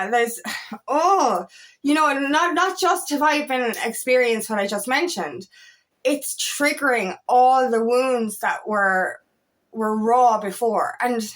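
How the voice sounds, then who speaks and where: A young woman talks to her viewers as a spiritual coach in a loose, rambling manner, circling back and repeating herself. She sounds tired and emotional. Her voice sits a little high. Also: fairly bright tone. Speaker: feminine empowerment coach. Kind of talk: casual spiritual talk to camera.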